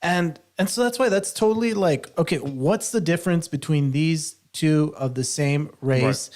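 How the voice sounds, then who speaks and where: A man's voice: a little high, normal speed, darkish tone. A man hosting a casual podcast discussion, hesitant and repeating words as he thinks. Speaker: podcast host.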